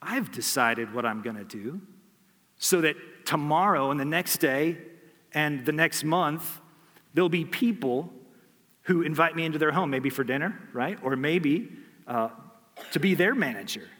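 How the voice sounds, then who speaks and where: A man's voice: fairly high pitch, animated, measured pace, fairly bright tone. A worried manager who has just lost his job talks himself through what to do next. A man acts him out in his own storytelling voice. His slightly raised tone carries a long hall echo. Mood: scheming. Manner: anxious, thinking aloud. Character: panicked freshly fired male estate manager.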